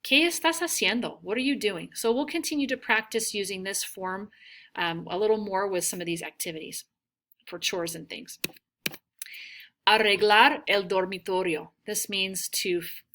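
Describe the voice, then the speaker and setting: A woman teaching a recorded language lesson, modelling each word slowly and asking students to repeat. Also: medium pitch, sharp tone. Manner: models words slowly, prompts repetition. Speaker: Spanish teacher.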